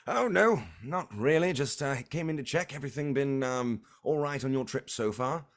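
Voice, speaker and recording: A man's voice: mid-range voice, moderate pace, pitched above the performer's own voice, natural voice. A man doing a courteous, formal mage. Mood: polite. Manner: polite, formal, a little fumbling. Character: courteous male mage, official on patrol.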